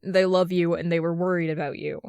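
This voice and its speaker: A woman's voice: on the low side, steady tone, a little fast, a little mellow, smooth, no room sound, natural voice. A woman reading as a blunt, protective young man. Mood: reassuring. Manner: blunt, swears casually.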